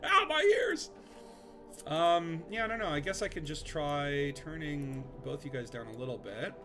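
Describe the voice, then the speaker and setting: Over music, a man with a slightly high voice streams a space game from his home desk at a moderate pace. He chats casually with friends through a desk microphone, rambling and joking with plenty of fillers.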